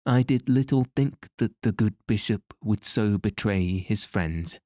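A man's voice: on the low side, animated, a little slow, darkish tone, no room sound, studio quality. A man voicing an amused, gracious queen in a storybook reading, with archaic courtly speech. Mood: teasing.

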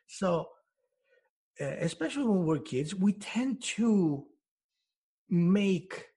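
A man's voice: sits high, expressive, slow, mellow, breathy edge. A man who works as a hypnotherapist, explaining ideas in an interview through everyday examples, with frequent restarts.

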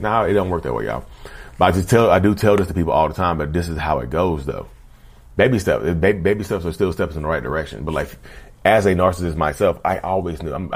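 A man with a very low voice talks straight to his viewers. He keeps the tone casual and conversational and often calls them "y'all". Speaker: vlogger talking about narcissism. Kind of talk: casual direct-to-camera monologue.

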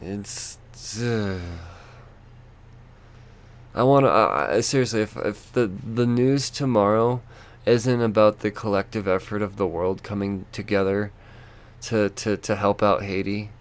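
Male podcast host, lowish voice, ranting, swears a lot, stumbles and restarts. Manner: frustrated, swearing, halting with many restarts.

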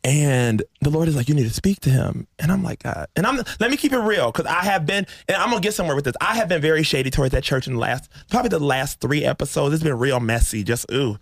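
A man hosting a casual faith podcast, telling an emotional story and acting out the dialogue with lively energy. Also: on the high side, quick pace, few pauses, no echo, clean studio sound. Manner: emotional, animated storyteller who acts out dialogue. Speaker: podcast host.

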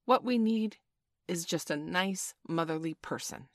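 A woman's voice: fairly low pitch, unhurried, no echo, clean studio sound. A woman reading a storybook and voicing a bossy, proud young boy who gives orders in a commanding way.

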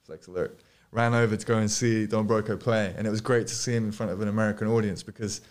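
A man's voice: lowish voice, little pitch movement, quick pace. A man from the UK, a guest DJ, rambling through casual podcast stories with loose swearing and frequent laughter in a studio. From United Kingdom.

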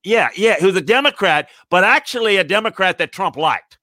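A man in casual sports talk, rambling and animated with many restarts. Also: high voice, a little fast, dry recording, studio quality. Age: older. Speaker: sports commentator.

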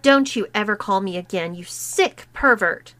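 A woman's voice: sits high, expressive, measured pace, pushed and bright, no room sound, pitched above the performer's own voice, full character voice. A woman voicing a disgusted teenage girl who speaks with scorn. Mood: scornful.

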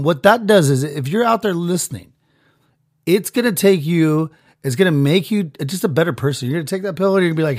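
A man hosting a podcast, doing a crude, rambling mock sponsor rant that swings between loud bursts and mutters. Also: a little high, expressive, a little fast, no echo, clean studio sound. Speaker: podcast host.

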